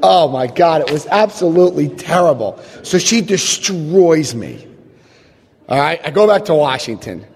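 A man telling his own story to an audience, animated and self-mocking, jumping into high yelps when he acts out his past self. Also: unhurried, breathy edge. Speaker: speaker sharing a recovery story. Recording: long hall reverb.

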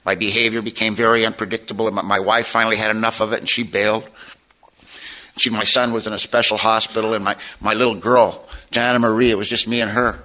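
A man's voice: on the low side, little pitch movement, fast talker, sharp tone, poor audio. A middle-aged man sharing his personal testimony at a recovery meeting, plainspoken and folksy with wry humor.

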